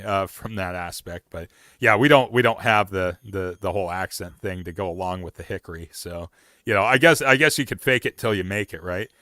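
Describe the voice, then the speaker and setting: Bright, smooth-voiced host, low pitch. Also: male voice, dry recording, studio quality. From Oregon. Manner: rambling, many fillers and restarts. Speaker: livestream host. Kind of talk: casual outdoors chat.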